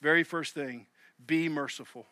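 A man with a Southern US accent preaching a sermon as pastor, swinging between loud emphasis and hushed asides. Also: a little high, steady tone, normal speed, no echo, clean studio sound.

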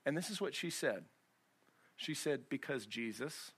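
A man's voice: fairly high pitch, very animated, measured pace, breathy edge. A man pastor preaching a sermon in a church, conversational and full of rhetorical questions.

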